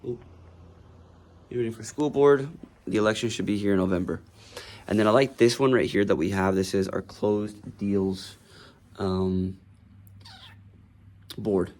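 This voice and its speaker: A man's voice: on the low side, fairly even intonation, measured pace, long pauses, darkish tone. A man who works as a real estate agent giving a casual, rambling tour of his office, talking loosely with many fillers. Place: office indoors.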